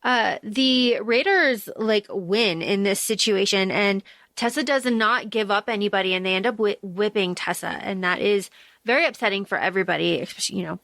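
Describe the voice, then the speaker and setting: A woman's voice: medium pitch, a bit bright, no room sound. A woman co-hosting a podcast, chatting casually about a book with lots of fillers, quoted asides and casual swearing. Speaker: podcast co-host.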